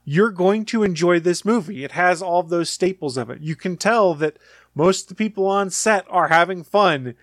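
A man with a slightly higher voice co-hosts a podcast, giving his opinions in a relaxed, conversational way. The recording is close and dry, with no room sound. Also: normal speed, no echo. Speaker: podcast co-host. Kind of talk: casual chat.

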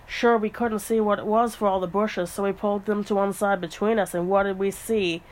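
A man's voice: sits high, steady tone, fairly quick, close to an everyday voice, rough recording. Woman reading as a spooked, chatty male ferret. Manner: folksy old-fashioned turns of phrase. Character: superstitious talkative male ferret henchman.

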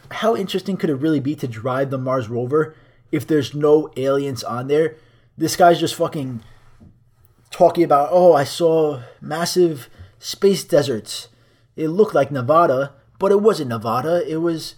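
A young man hosting a solo podcast, reading articles aloud and ranting about them in a profane, sarcastic way. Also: mid-range voice. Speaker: podcast host.

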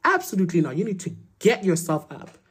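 A woman's voice: lowish voice, very animated, fast talker, breathy edge. A young woman giving a blunt, emphatic motivational talk, repeating her points and swearing for force. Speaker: motivational vlogger.

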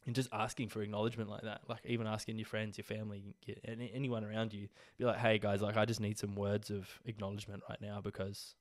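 Young Aussie host, low-pitched, loose and rambling with lots of fillers, a bit croaky from illness. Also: male voice, flat delivery, fast talker, few pauses. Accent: Australian. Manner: rambling, sweary, filler-heavy. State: getting over illness, coughing. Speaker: podcast host. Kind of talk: casual solo podcast talk.

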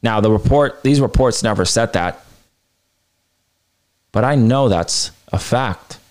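A man hosting a wrestling podcast, delivering a heated, profane opinion rant that swings between low mutters and high outbursts. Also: takes it slowly, a little mellow. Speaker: podcast host.

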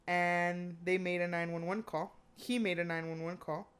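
A woman chatting casually, retelling a true-crime story with animated quoted lines and frequent fillers. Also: on the low side, moderate pace, smooth.

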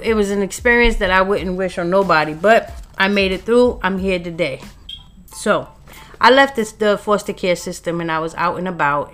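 A woman's voice: lowish voice, fairly bright tone. A middle-aged woman from New York telling her life story on her own show in a blunt, profane, streetwise way. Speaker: podcast host. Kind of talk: casual personal storytelling.

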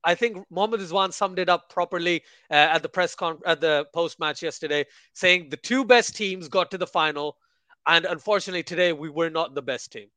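A male podcast guest talks casually with dry, sarcastic humor. His voice is high for a man and bright. The recording is dry and close, with no echo. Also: a little fast. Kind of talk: casual cricket podcast chat.

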